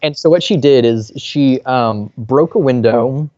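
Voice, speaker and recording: A man's voice: measured pace, mellow, dry recording, lo-fi sound. A man co-hosting a podcast, telling a family story in casual chat and acting out the people in it. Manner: storytelling, acts out quoted people with raised pitch. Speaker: podcast co-host. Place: apartment in New York.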